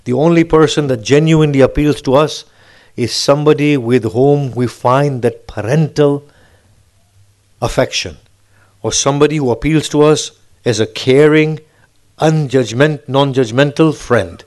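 A man's voice: medium pitch, unhurried, darkish tone. A man delivering a sermon, posing rhetorical questions with emphatic, rising phrases. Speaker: preacher.

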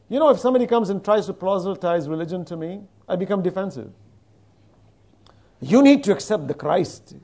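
A male preacher with a high, very lively voice that rises and falls as he tells stories and acts out dialogue. He breaks into rapid chanted Arabic verses between plain explanations. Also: vocal fry. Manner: animated storytelling, quoting dialogue. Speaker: Islamic preacher. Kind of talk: religious lecture with recited verses.

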